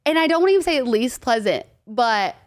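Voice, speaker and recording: A woman guest on a podcast, talking in a loose, chatty way. Her voice is a bit higher than average, and she giggles through her stories. Her sentences trail off and restart often. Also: lively intonation, fairly quick, dry recording, clean studio sound. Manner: giggly, chatty, filler-heavy. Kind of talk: casual chat.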